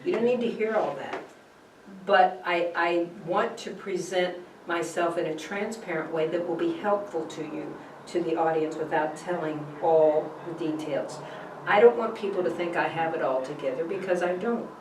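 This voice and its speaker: Lively woman teaching in an echoey classroom. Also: fairly low pitch, normal speed, distant mic, background noise. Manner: lively, coaxing, checks in with "okay?". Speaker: Bible college teacher.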